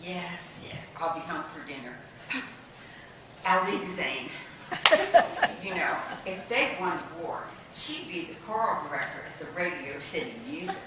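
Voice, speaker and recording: An actress playing a flighty young female aspiring singer who talks in an animated, giggly way, heard live on a stage. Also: fairly low pitch. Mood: chatty. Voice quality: animated, giggly, quick-changing. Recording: far, echoey, noisy stage capture.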